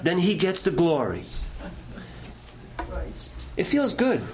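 A man's voice: sits high, wildly swooping pitch, slow pace. A middle-aged male pastor preaching a sermon, telling stories in a folksy way and asking the congregation questions.

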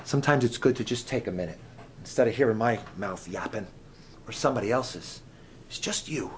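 A man preaching a sermon at a camp meeting, dramatic and full of questions to his listeners, swinging from loud cries to hushed whispers. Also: medium pitch, a little fast, slight background noise. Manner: asks the audience many questions.

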